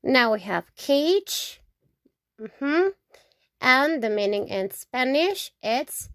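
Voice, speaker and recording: A woman teaching the Spanish alphabet, saying each word slowly several times and checking in with "okay?". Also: sits high, very animated, no room sound, studio quality. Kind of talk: slow alphabet lesson with repetition.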